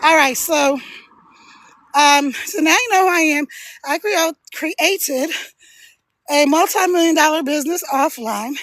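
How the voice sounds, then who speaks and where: A woman's voice: high voice, measured pace, long pauses, fairly bright tone, dry recording. A middle-aged woman chatting casually to livestream viewers while walking uphill outdoors, a little out of breath and laughing often. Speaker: live streamer and online business coach. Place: outdoors on a hill.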